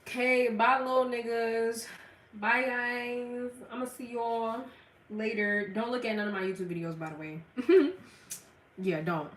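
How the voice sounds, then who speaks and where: A woman's voice: on the high side, fairly even intonation, unhurried, a bit bright. A young woman from the Gulf Coast with a Southern accent, livestreaming and chatting bluntly with her viewers, laughing often. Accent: Southern American. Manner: blunt, laughing, slangy, talks to chat. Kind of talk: casual livestream chat. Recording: echoey room, mic at a distance.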